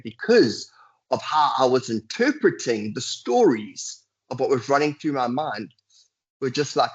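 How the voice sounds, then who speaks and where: A man's voice: medium pitch, sing-song, normal speed, husky. A man giving a guest lecture in a webinar, speaking earnestly and acting out inner voices with sighs. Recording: dull, lo-fi video call audio.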